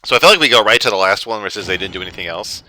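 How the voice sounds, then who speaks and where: Bright, animated man playing a game. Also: on the low side, racing, a little hiss or hum. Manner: casual, joking, swears freely. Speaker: game player and host. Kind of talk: let's play commentary.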